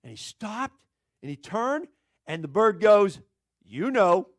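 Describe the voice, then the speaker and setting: A male pastor preaching a sermon, telling a story in an animated, chuckling way. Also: high-pitched, unhurried.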